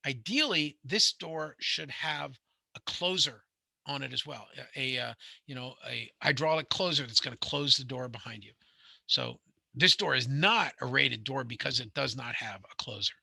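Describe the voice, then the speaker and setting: Gravelly New man lecturing. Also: mid-range voice, moderate pace, bright, forceful tone, no room sound. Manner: rambling, conversational, many fillers and restarts. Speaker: home inspection instructor. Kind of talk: classroom lecture with anecdotes.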